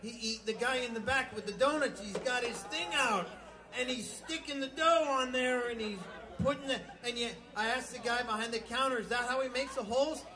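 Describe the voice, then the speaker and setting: बेतरतीब, भद्दे चुटकुले सुनाता ऊँची आवाज़ वाला आदमी. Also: male voice, very high voice, normal speed. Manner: rambling, crude, loose storytelling. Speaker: stand-up comedian. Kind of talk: live stand-up joke telling. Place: small live venue with music. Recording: live club recording with crowd and music. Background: music and audience noise.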